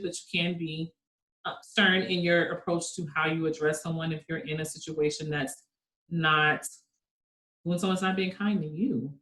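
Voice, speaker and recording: Low-voiced reflective woman, echoey room. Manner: earnest and reflective, laughing softly. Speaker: guest, kindness network founder. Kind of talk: conversational interview. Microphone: video call.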